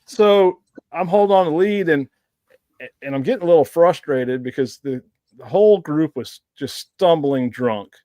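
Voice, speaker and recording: A man's voice: fairly high pitch, normal speed, warm tone, dry recording, studio quality. A man casually telling rambling hunting-dog stories on a podcast, laughing now and then. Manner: rambling anecdotes with frequent laughs. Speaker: blood tracker guest.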